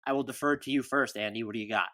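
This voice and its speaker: Bright-voiced energetic male podcast host. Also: mid-range voice. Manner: energetic, rapid-fire, playful hype. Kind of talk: casual sports podcast talk.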